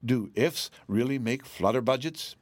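A man voicing a confident little girl in a storybook reading, speaking in a bright, matter-of-fact way. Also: medium pitch, a little slow, no room sound, clean studio sound, natural voice. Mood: earnest.

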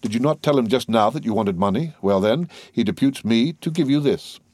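A man's voice: mid-range voice, lively intonation, a little fast, a little mellow, dry recording, studio quality, close to an everyday voice. A man voicing a composed, authoritative count in an audiobook, courteous and cool. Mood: commanding, courteous.

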